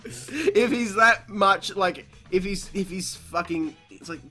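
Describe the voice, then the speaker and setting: A young man, hosting a podcast and telling a story in casual chat. He swears freely, laughs a lot and shouts out the lines he quotes. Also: high-pitched, a little slow, soft background music. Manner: profane, laughs often, acts out quotes loudly. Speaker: podcast host.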